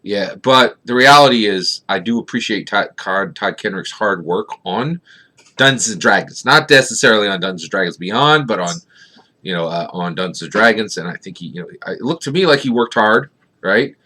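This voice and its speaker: A man's voice: on the low side, lively intonation, normal speed, sharp tone. A middle-aged man from Philadelphia giving casual vlog commentary, rambling and often tagging his points with "right?". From Philadelphia, USA. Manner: rambling, keeps asking "right?", many fillers. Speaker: tabletop gaming YouTuber.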